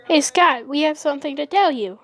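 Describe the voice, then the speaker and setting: A young woman voicing a loud little schoolboy who blurts things out. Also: very high voice, brisk, dry recording, heavily acted. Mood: blurting.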